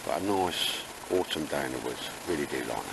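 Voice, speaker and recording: A man's voice: a bass voice, lively intonation, brisk, gravelly, very noisy. A man chatting casually and jokily while camping in damp woods. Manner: chatty, jokey, laid-back. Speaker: vlogger. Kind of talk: casual outdoor chat.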